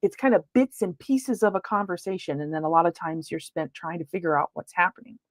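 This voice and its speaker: A woman's voice: lowish voice, expressive, a little fast, no room sound. A woman giving a lecture as a paranormal investigator, talking casually with frequent fillers and restarts. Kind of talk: presentation lecture.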